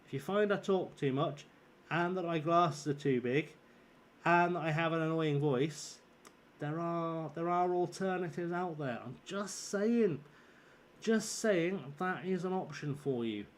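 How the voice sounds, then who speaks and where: A slightly high-voiced man with a northern English accent, worn out and a bit scratchy from a sore throat. He rambles through live gameplay commentary, swears freely and teases his chat. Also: measured pace. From southern England. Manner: chatty, swearing, teasing viewers. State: tired with a sore throat forming. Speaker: streamer.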